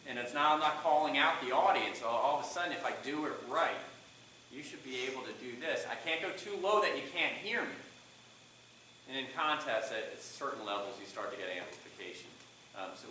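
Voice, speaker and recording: Middle-aged male speaking coach, bright voice, questions his students, recorded from far off in an echoey classroom. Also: mid-range voice, a little fast, a little hiss or hum. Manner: asks the class questions, lively shifts in volume.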